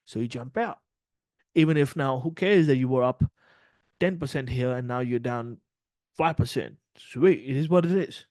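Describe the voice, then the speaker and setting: A man's voice: medium pitch, normal speed, no echo. Blunt, profane man, dry close sound. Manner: blunt and profane, animated, acts out quotes. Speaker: trading mentor. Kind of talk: casual livestream talk.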